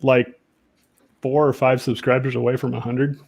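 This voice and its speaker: A man with a mid-pitched voice, talking easily in a relaxed group chat. He sounds unhurried and chatty throughout. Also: gravelly, slightly rough. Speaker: guest YouTuber. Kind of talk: casual chat.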